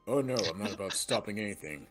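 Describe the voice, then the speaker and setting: A man's voice: on the low side, animated, quick pace, loud music behind the voice. A man playing a tabletop game, rambling and restarting, switching into his character's lines. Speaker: player. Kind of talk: casual tabletop role-play.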